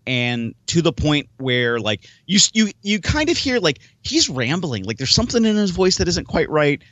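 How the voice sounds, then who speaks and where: A man's voice: a little high, big pitch swings, normal speed, a bit bright, dry recording, highs cut off. A man hosting a casual podcast chat, talking in long rambling stretches with restarts and acted-out thoughts. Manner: rambling, many restarts and quoted self-talk. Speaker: podcast host; wrestler and promoter.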